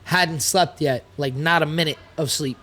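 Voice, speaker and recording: A young man telling a story in a casual podcast chat, animated and rambling, with a lot of swearing. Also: on the high side, moderate pace. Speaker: podcast guest, fighter.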